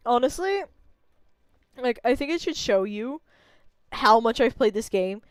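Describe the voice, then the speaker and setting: Chatty young woman streamer, high and clear. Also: lively intonation, a little slow, pauses often, no room sound. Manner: chatty, rambling, self-amused. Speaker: game streamer. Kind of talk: casual gameplay commentary.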